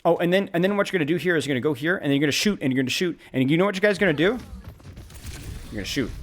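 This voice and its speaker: Hyped up guy coaching a gamer on stream, high voice, swoops all over, repeats stuff a lot. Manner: animated, excitable, talks fast in bursts with repeated phrases. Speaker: game coach. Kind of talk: live-streamed gameplay coaching.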